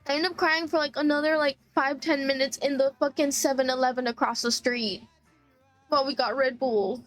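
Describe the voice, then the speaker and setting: Woman streamer, high voice, tearful, laughing while crying, casual chat, lots of "like". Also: fairly even intonation, moderate pace, fairly bright tone, soft background music. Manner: teary, laughing through tears, heavy "like" fillers.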